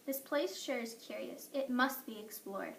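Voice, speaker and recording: A woman's voice: fairly high pitch, unhurried, vocal fry, fairly bright tone, slight background noise. Woman narrating a children's story. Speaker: audiobook narrator. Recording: echoey room, mic at a distance.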